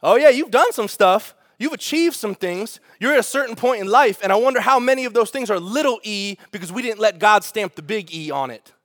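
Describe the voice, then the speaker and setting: A man preaching a sermon as pastor, in an animated, conversational way, asking the congregation rhetorical questions. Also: sits high, a little fast, few pauses, no room sound, clean studio sound.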